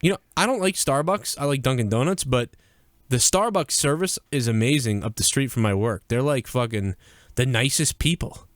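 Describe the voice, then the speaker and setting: Lively, profane man cracking jokes. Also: medium pitch, normal speed, no room sound, clean studio sound. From US Northeast. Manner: crude, profane, laughing banter. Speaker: podcast co-host. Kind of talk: live-streamed podcast banter.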